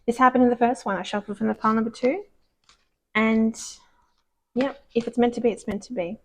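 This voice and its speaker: Woman, tarot reader, gravelly, rambling, gushing, soft-spoken, whispered asides. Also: fairly high pitch, steady tone, a little fast. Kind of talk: casual tarot reading to camera. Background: dogs barking.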